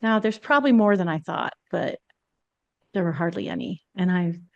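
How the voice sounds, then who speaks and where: A woman's voice: lowish voice, animated, moderate pace, no echo, dull audio. A woman podcast host telling a personal story in a candid, confessional way.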